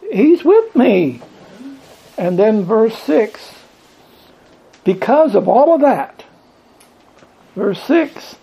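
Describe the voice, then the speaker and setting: A man's voice: sits high, gravelly, warm tone, slightly rough, low-quality recording. A man teaching from the Bible to a small group, reading scripture aloud, asking questions and building emphasis on repeated lines. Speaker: preacher.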